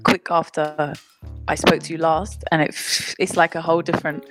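A woman's voice: deep voice, flat delivery, normal speed, a bit bright, faint music behind. A woman musician being interviewed, talking chattily, often cutting herself off and laughing. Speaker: musician guest. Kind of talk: casual interview chat. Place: London, remote call.

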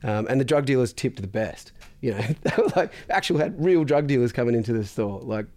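A man's voice: mid-range voice, lively intonation, brisk, a little mellow. Chatty man telling a story. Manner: chatty, swears freely, laughs often. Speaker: podcast guest, business founder. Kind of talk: casual storytelling.

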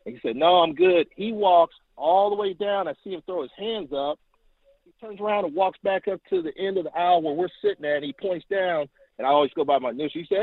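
A man calling in to tell a long story, animated and acting out quotes, heard over the phone. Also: a little fast, dry recording. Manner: animated, acts out quotes with rising pitch. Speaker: caller. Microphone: telephone. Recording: tinny phone line.

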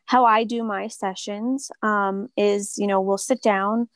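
A woman who practices Reiki talks casually and softly in an interview, with many filler words. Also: mid-range voice, steady tone, slow, no echo. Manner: soft-spoken, lots of filler words. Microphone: remote call.

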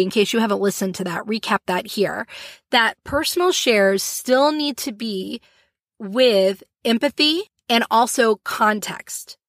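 Female podcast host, high voice, animated and chatty, dry studio sound. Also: no echo. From Florida, US. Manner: animated, laughing, acts out little scenes. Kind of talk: solo podcast talk.

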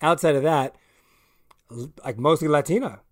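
Man, casual podcast chat, relaxed, slightly high voice, dry sound. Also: normal speed, dry recording.

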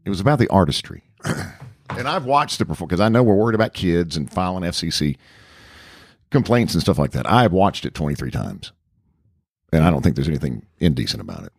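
A man with a very deep voice that still moves a lot in pitch, trading wry, deadpan jokes with his co-host. The recording is close and dry. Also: fairly quick, gravelly, husky, no echo. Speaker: radio co-host. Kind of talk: casual chat.

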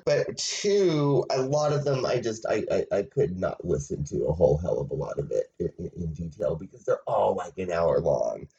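A man's voice: mid-range voice, a little mellow. A man hosting a casual commentary, talking in a sarcastic, mocking way and laughing often. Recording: dull lo-fi sound.

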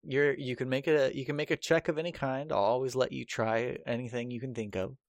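A man's voice: medium pitch, fairly quick, no echo, studio quality. A man running a tabletop game as game master, narrating loosely with frequent fillers and restarts. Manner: relaxed, hesitant narration with fillers.

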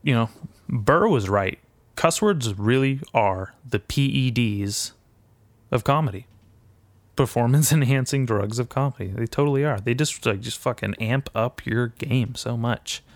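A man's voice: mid-range voice, a little slow, no room sound. Ranting foul-mouthed man, dry close mic. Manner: ranting, heavy swearing, self-deprecating asides. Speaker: podcast host and aspiring comedian. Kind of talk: profane rambling monologue.

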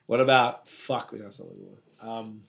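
A man's voice: lowish voice, fairly even intonation, moderate pace, vocal fry, a bit bright. A man with an Australian accent hosts a loose chat. He rambles through stories, swears freely and laughs often. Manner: rambling, profane, laughs easily. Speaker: podcast host. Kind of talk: casual chat, storytelling.

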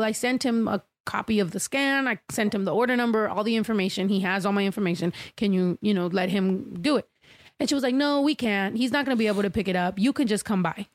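A woman's voice: medium pitch, no room sound. A woman telling a rambling, profane story in casual chat, acting out the people she quotes.

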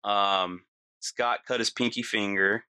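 A middle-aged man telling a personal story in a casual, animated way, full of "like" and "you know". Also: on the low side, slow pace, clean tone, dry recording.

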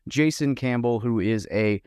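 A man's voice: mid-range voice, unhurried, a little mellow, clean tone, no echo, clean studio sound. A man hosting a podcast, introducing his guest in an eager, informal, conversational way. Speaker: podcast host.

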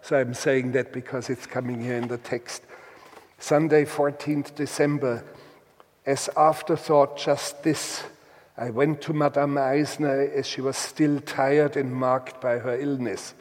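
Slow, halting man in a reverberant hall. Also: medium pitch, steady tone, darkish tone. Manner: halting, deliberate, with many restarts. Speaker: guest telling a story. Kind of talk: slow reflective storytelling with readings.

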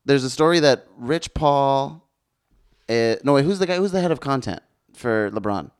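A man co-hosting a podcast in casual chat, who talks in an animated way and fires off incredulous questions. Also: mid-range voice, normal speed, smooth. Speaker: podcast co-host.

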